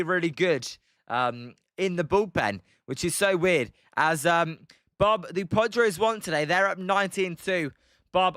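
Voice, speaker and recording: A young British man calls a baseball game live and keeps breaking off to answer chat by name, with plenty of ums along the way. His voice sits high and bright. The recording is clean and dry. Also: no echo. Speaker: livestream baseball commentator. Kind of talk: casual play-by-play with chat replies.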